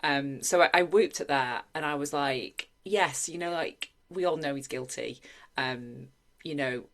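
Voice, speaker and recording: Female co-host, deep voice, emotionally open and unfiltered in casual chat. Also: measured pace, fairly bright tone. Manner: openly emotional, stumbling restarts. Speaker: podcast co-host.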